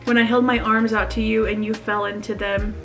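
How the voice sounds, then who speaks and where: A woman's voice: a little high, level tone, fairly quick, a bit bright, soft background music. Chatty, emotional young woman vlogger. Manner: emotional, nervous laughter, chatty. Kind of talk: casual confessional vlog, reading a journal aloud.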